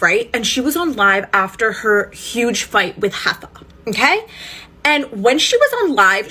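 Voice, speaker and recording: Bright, husky woman telling an indignant story. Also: medium pitch. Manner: emphatic, profane, indignant. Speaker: storytime vlogger. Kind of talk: casual storytime recap.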